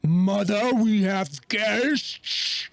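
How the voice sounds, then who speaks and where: A man doing a slow, dull-witted golem. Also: high-pitched, gravelly, no room sound, pitched above the performer's own voice, heavily acted.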